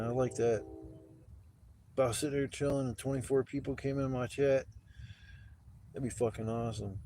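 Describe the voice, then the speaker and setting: A man's voice: mid-range voice, darkish tone, slight background noise. A man in his forties telling rambling stories on a casual livestream, laid-back and profane, acting out the voices of people in his stories. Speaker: livestream host. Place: outdoors at a campsite.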